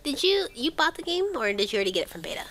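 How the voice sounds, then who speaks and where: Chatty, giggly wife; lively, bright-pitched delivery. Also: female voice, racing. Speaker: gamer's wife watching along. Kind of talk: casual chat over gameplay. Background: game music and sounds.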